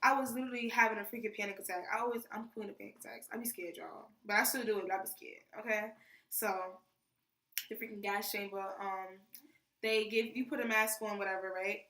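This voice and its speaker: A young woman from New tells her training story in a casual, animated vlog, peppering her talk with "freaking". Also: medium pitch. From New York. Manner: animated, chatty, says "freaking" often. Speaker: soldier vlogger. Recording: echoey room, mic at a distance.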